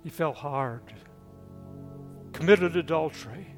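An older man preaches a sermon at a slow, deliberate pace. His voice sits fairly high for a man. He swings from lively, raised storytelling to quiet, earnest pleading. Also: over music. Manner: earnest, shifts from loud storytelling to hushed pleading. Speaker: pastor.

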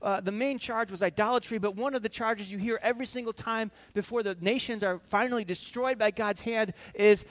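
High-voiced animated male preacher. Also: fairly quick, few pauses. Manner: animated storytelling, acting out scenes. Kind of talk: sermon.

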